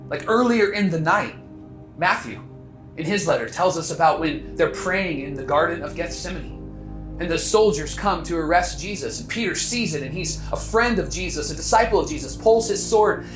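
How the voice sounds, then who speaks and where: A man's voice: on the high side, a bit bright, reverberant. A man pastor preaching a sermon earnestly, stirring listeners with rhetorical questions. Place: church sanctuary.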